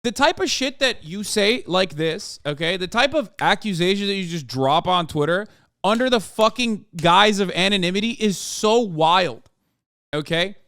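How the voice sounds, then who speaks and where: Streamer, man, 30s, high clear voice, profane exasperated rant, dry close sound. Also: fairly bright tone, dry recording. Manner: exasperated, profane, emphatic, repeats "okay?". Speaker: streamer reacting to posts. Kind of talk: casual livestream rant.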